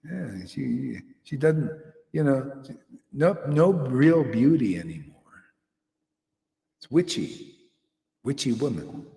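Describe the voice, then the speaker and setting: A man's voice: mid-range voice, big pitch swings, slow pace, creaky, long pauses, dark tone. A man giving an informal, confrontational devotional sermon, rambling and often asking "see?" to his listeners. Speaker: preacher. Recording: echoey hall with long reverb.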